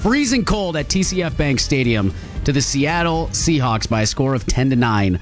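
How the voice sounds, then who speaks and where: A man's voice: mid-range voice, sing-song, moderate pace, faint music behind. A man co-hosting a radio show, reading out trivia questions and ribbing his partner in a dry, teasing way. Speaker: radio co-host. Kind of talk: casual radio banter. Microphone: studio headphones and mic.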